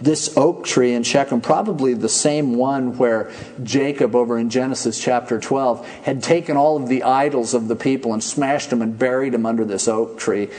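A man preaching a sermon in a conversational, animated storytelling manner. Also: mid-range voice, moderate pace. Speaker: pastor.

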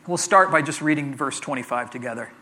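A man's voice: mid-range voice, a little fast, bright, forceful tone. A man preaching a conversational sermon as pastor, chatty, often repeating words and adding jokey asides.

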